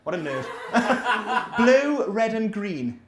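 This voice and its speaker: A man in his thirties performs a rambling, self-deprecating, sweary stand-up set. His voice sits high and swings up and down a lot. He is heard in a small, echoey coffee-shop room. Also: very animated, very slow, crowd noise. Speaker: stand-up comedian.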